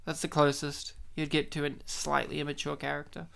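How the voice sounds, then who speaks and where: Podcast co-host guy, bright crisp voice, crude little jokes, lots of quiet mm-hmms. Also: a little high, completely flat delivery, fairly quick. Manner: crude joking interjections and quiet back-channel murmurs.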